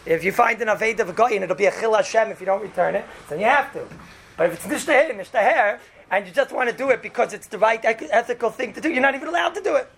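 Gravelly guy teaching a religious law class, chatty, keeps asking "right?", acts out his examples. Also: sits high, lively intonation, fast talker, a bit bright, slight background noise. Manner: conversational, often asks "right?", acts out quotes. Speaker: Torah teacher. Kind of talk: informal religious law lesson.

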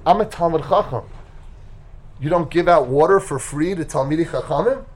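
A man voicing an indignant, sheltered young male scholar in a told story, shouting his outraged complaints. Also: fairly high pitch, normal speed, a little hiss or hum, close to an everyday voice.

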